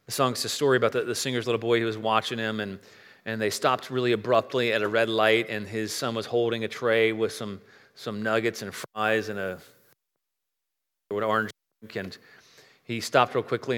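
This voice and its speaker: A man's voice: mid-range voice, fairly bright tone. A man preaching a sermon as pastor, earnest and conversational, often restarting his sentences. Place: church sanctuary. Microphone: microphone, switched to a handheld. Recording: long reverb of a large church hall.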